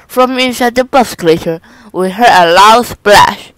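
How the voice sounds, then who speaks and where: A woman reading a children's picture book aloud in a slow, careful manner. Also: mid-range voice, no room sound, poor audio. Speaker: storybook reader.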